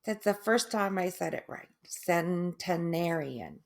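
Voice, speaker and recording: A middle-aged woman talking in a casual personal video, halting, with restarts, long pauses and drawn-out, oddly stressed syllables. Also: medium pitch, vocal fry. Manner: laughs softly at herself. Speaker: vlogger sharing her stroke recovery.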